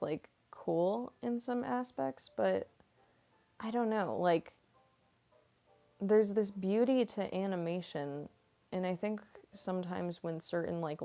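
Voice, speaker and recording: A woman's voice: lowish voice, creaky, a little mellow. A young woman voice actress chatting casually on a livestream Q&A, rambling and using lots of fillers. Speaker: voice actress and streamer.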